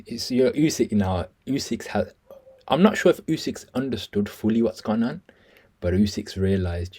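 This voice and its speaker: A man's voice: on the low side, moderate pace, darkish tone, breathy edge. A man with a Birmingham accent, chatting casually to viewers while breaking down a boxing press conference. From England. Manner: chatty, keeps addressing viewers as "guys". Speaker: boxing commentator on video.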